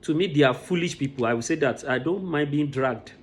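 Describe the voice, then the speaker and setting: A man's voice: a little high, brisk. A man from Nigeria, giving an emotional commentary and often repeating words as he restarts his sentences. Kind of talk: impassioned commentary.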